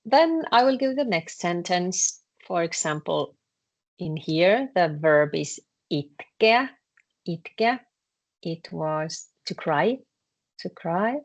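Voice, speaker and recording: A woman's voice: on the low side, gravelly. A woman teaching in English, patiently explaining verb conjugation with many repeats and fillers. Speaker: Finnish language teacher. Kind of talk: explaining a lesson to students.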